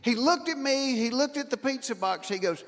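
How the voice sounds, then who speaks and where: A man doing stand-up, telling a long story and acting out the quoted lines, sometimes building to shouted punchlines. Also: extremely high pitch, expressive, normal speed, slight background noise. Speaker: stand-up comedian. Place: stage in front of a live audience. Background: audience laughter.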